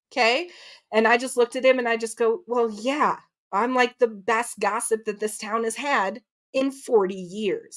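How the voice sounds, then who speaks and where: A woman, likely in her thirties, telling a story in casual chat, acting out quotes and swearing freely. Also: mid-range voice. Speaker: guest.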